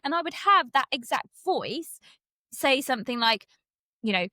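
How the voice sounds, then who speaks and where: Bright-voiced woman podcast co-host. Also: sits high, very animated, normal speed, no room sound. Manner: engaged, affirming listener, reflective. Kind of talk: casual podcast conversation.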